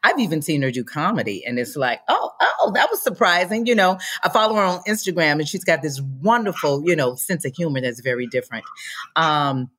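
A woman actress talking casually in an interview, animated and acting out the voices she quotes. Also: low voice, a little fast. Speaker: actress guest.

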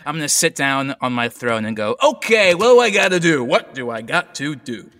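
Man playing a jolly, half-deaf despot: bright, animated, with a reverberant room. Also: fairly high pitch, normal speed. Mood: grumbling. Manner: boisterous, cheerfully callous. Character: boozy hard-of-hearing male emperor, jovial tyrant.

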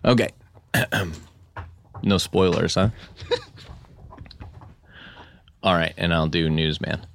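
A man hosting a comedy podcast, deadpan while riffing an improv bit. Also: deep voice, slow, gravelly, a little hiss or hum. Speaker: podcast host.

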